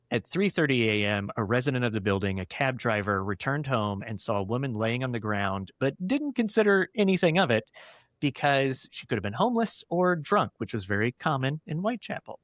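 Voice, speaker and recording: A male podcast host recounting historical cases in detail in a casual, animated way, quick to laugh. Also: mid-range voice, no room sound, studio quality. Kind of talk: podcast chat, storytelling.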